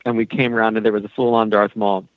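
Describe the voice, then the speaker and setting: A man's voice: lowish voice, level tone, fast talker, no room sound, phone-quality sound. A man being interviewed as an animation producer, rambling and friendly with many fillers. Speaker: animation executive producer, guest. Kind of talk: casual podcast interview.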